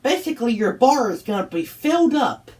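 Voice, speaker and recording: A woman's voice: on the high side, sing-song, fairly quick, darkish tone, far from the mic, voice pushed up. Woman voicing a helpful cartoon dog. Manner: patient, explains game rules. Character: helpful male cartoon dog giving extra lives.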